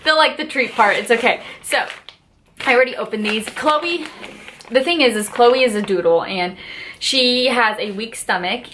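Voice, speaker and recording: A woman's voice: on the high side, moderate pace, a bit bright, slight background noise. A woman vlogger gushing in a casual haul and unboxing video, chatty and full of fillers like "like" and "just".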